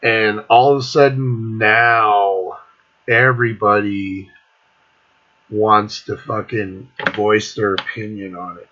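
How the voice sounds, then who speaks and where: Husky man ranting, swearing constantly. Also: lowish voice, steady tone, takes it slowly, bright, forceful tone. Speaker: music vlogger. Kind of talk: profane casual rant. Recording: dull lo-fi recording.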